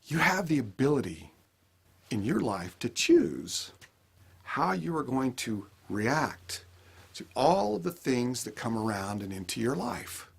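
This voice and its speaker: A man's voice: medium pitch, unhurried, vocal fry, slightly rough. A man giving a motivational life lesson, acting out everyday scenes as he talks. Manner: animated, acts out everyday scenes. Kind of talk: motivational talk.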